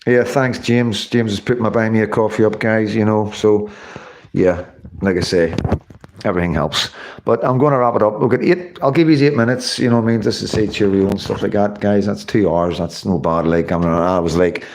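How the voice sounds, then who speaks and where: A man's voice: fairly low pitch, a little fast, darkish tone. A tired man, hosting a casual livestream sign-off and thanking viewers by name. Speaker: livestream host.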